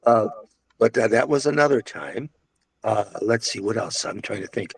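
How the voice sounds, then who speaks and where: Gravelly older man telling stories. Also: lowish voice, normal speed. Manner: rambling storyteller, many restarts and asides. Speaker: interviewee recalling restaurant days. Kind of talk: casual reminiscing.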